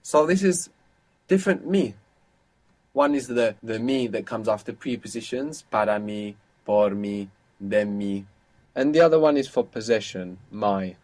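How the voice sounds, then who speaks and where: A man's voice: fairly low pitch, unhurried, darkish tone. A man teaching as a language teacher on an audio course, patient and explaining things step by step.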